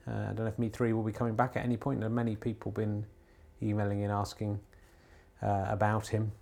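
Brief: male podcast host, dry ironic mock commentator, halting delivery full of "uh"s, home recording. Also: lowish voice, vocal fry. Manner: rambling, many filler pauses; deadpan ironic humour. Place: home TV room.

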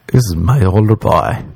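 A man's voice: lowish voice, gravelly, a little mellow, slightly rough, no room sound. A young man riffing in a crude, rambling, self-mocking comic monologue, jumping into mock voices for the people he quotes. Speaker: comedian. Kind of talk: stand-up style comic monologue.

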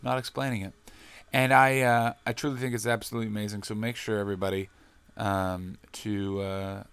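A man's voice: lowish voice, flat delivery, smooth, no room sound. Profane ranting man. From Canada. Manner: profane, ranting, quick shifts in loudness. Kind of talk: casual storytelling monologue.

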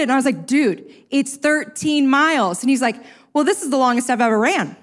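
A woman's voice: high-pitched, brisk. A woman telling a humorous personal story to a live audience, self-mocking and acting out what people said. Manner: lively, self-mocking, acts out quotes. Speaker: speaker sharing a personal story.

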